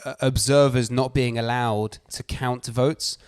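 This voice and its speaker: A man's voice: medium pitch, measured pace, clean tone, no echo, clean studio sound. A man co-hosting a podcast in casual chat, ranting with slang and swearing. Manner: animated, swears, slangy rants. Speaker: podcast co-host.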